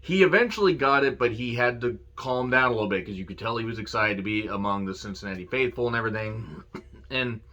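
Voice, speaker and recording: A man giving a casual solo review of a wrestling show, cursing freely, laughing and quoting promo lines with excitement. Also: medium pitch, fast, dull audio. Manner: profane, enthusiastic, laughs and quotes lines.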